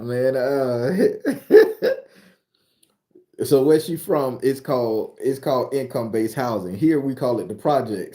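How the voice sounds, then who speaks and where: A man from Florida, hosting a casual live chat and telling stories in a profane, animated way. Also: medium pitch. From southern Florida. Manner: profane, animated storyteller reading out viewer comments. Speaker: host.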